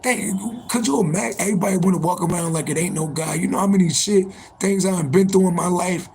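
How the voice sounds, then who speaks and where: An adult man born in January, a spiritual reader, hosts a casual livestream in a high, fast voice with vocal fry and a slightly mellow quality, swearing often and emphatically repeating himself. His voice sounds strained, while street sirens and horns sound nearby amid slight background noise on a rough recording.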